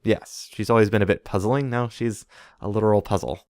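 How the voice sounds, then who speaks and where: Low-voiced man reading fan news, dry sound. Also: a little fast, a little mellow, no echo. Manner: reads news items, jokey puns. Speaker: podcast co-host. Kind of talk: casual news chat.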